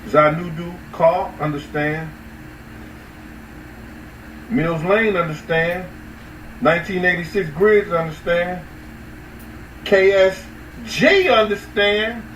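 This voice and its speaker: A man hosting a casual livestream, talking loosely and profanely to his chat, with sudden high-pitched outbursts. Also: takes it slowly, pauses often, a bit bright, far from the mic. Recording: roomy echo, off-mic, faint ambient noise.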